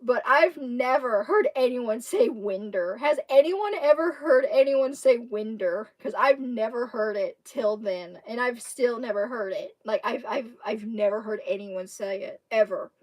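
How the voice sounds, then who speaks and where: A woman from Kentucky with a Southern accent, chatting to her livestream viewers, laughing often as she rambles through a story. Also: fairly high pitch. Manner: laughing often, rambling with restarts and drawn-out words. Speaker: livestream host. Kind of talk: casual storytelling chat to viewers.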